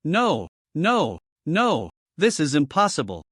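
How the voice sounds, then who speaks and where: A man's voice: a little high, wildly swooping pitch, slow pace, a bit bright, slightly rough, no room sound, clean studio sound, full character voice. A man doing a whiny, pained skeleton. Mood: desperate. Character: male skeleton in pain, whiny and desperate.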